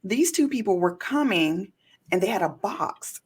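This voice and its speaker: A woman hosting an interview podcast, an attorney herself, talking in an emphatic, animated way and telling stories. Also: medium pitch, measured pace, slightly rough. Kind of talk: casual interview chat.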